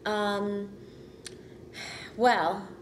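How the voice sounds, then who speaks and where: A woman's voice: mid-range voice, steady tone, extremely slow, a little hiss or hum. A woman actress answering interview questions casually, upbeat, friendly and enthusiastic.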